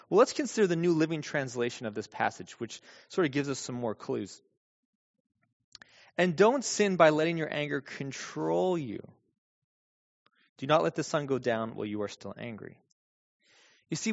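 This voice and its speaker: Gravelly preacher in an echoing hall. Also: male voice, a little high. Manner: emphatic, repeats key phrases for stress. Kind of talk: sermon. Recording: long hall reverb, dull lo-fi sound.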